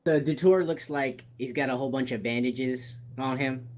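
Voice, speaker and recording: A man's voice: medium pitch, moderate pace, darkish tone. A man playing a tabletop game, chatting casually with stammering restarts. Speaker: player.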